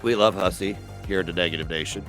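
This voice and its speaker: A man's voice: sits low, quick pace, fairly bright tone, faint music behind. A man ranting on a livestream in a profane, mocking, sarcastic way. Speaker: streamer.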